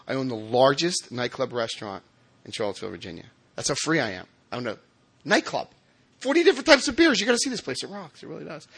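A man from New Jersey shares his personal recovery story with a meeting. He tells it in an animated, self-mocking way, full of restarts. His voice is bright and forceful. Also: medium pitch, creaky, breathy edge. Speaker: recovering alcoholic speaker.

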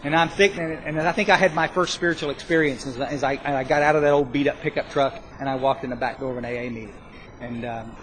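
A man telling his recovery story to a live audience, rambling and self-mocking, with bursts of loud emphasis. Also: mid-range voice, noisy background. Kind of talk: spoken testimony to a live audience.

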